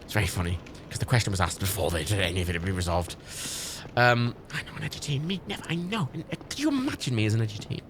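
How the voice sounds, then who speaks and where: A man's voice: on the low side, sing-song, rapid-fire, fairly bright tone, a little hiss or hum. A young man streaming a game, rambling through stories and swearing freely in casual chat. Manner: rambling, swearing, laughing storyteller. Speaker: livestream gamer.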